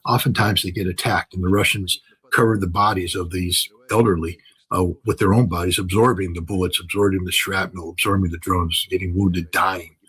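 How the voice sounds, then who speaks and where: Older man, interview guest, husky low voice, emphatic, repetitive. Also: steady tone, brisk, a bit bright, rough recording. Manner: emphatic, repeats phrases for stress, fillers and restarts. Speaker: interview guest, military commentator. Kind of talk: unscripted interview talk.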